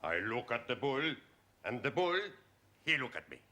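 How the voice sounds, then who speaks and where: An actor playing a cheerful, boastful Spanish student in a sitcom, speaking broken English with a Spanish accent. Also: male voice, mid-range voice, very animated, moderate pace, pushed and bright, a little hiss or hum. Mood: boastful, jokey. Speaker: adult evening-class student. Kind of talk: 1970s studio sitcom acting.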